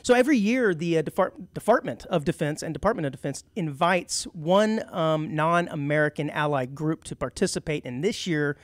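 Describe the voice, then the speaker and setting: A middle-aged man co-hosting a community radio talk show, telling stories in a lively way and laughing easily. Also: on the high side, moderate pace, few pauses, no echo. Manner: animated storyteller who laughs easily. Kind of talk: casual chat.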